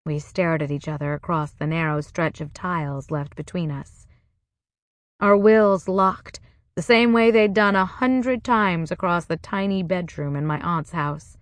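A woman narrating a first-person novel in a measured, wry way. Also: lowish voice, dry recording. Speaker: audiobook narrator.

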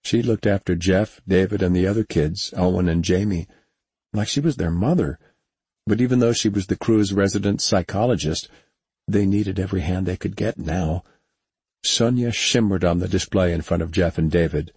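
Male audiobook narrator, low and husky, even unhurried read. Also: dry recording.

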